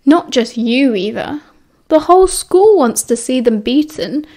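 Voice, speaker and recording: A woman's voice: high voice, expressive, a little mellow, exaggerated voice. A woman doing a bossy cheerful British schoolboy. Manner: brisk, chivvying. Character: cheerful bossy teenage schoolboy team captain.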